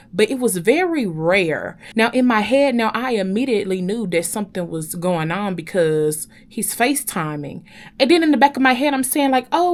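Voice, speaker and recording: A young woman telling a personal story to her viewers in an animated, chatty way, often calling out to them directly. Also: medium pitch. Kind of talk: casual storytime chat.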